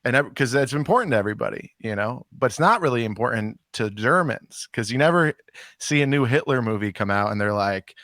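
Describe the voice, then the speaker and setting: Deadpan dude cohost, kinda halting, dry close sound, mid voice. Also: male voice, mid-range voice, dry recording. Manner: deadpan, halting, lots of fillers. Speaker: podcast co-host. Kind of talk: casual chat. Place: Texas.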